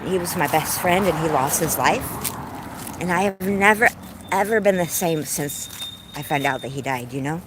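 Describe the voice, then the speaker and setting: A woman's voice: sits low, moderate pace, noisy background. A woman in her forties chatting on a livestream while out on a walk, effusive and heartfelt as she tells stories. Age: 40s. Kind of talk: casual livestream chat while walking. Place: outdoors on a walk.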